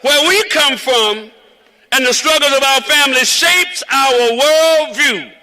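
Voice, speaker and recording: A man's voice: extremely high pitch, measured pace, sharp tone, a little hiss or hum, rough recording. A man from South Carolina with a Southern drawl, giving a rhythmic, preacherly rally speech outdoors. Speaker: rally speaker. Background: cheering crowd.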